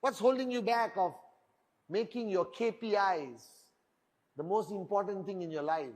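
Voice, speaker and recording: With a high-pitched voice at a moderate pace, a middle-aged motivational speaker addresses a network marketing event from the stage, boasting and peppering the crowd with rhetorical questions.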